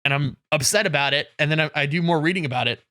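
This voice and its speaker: A man co-hosting a podcast, telling a self-deprecating story in a lively way and laughing often. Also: fairly high pitch, fast, no echo, clean studio sound. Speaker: podcast co-host. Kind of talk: casual podcast chat. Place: in Canada.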